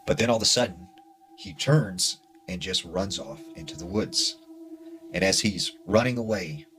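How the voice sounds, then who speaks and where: A man narrating a spooky true story in a hushed, dramatic way with casual fillers. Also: deep voice, moderate pace, music in the background.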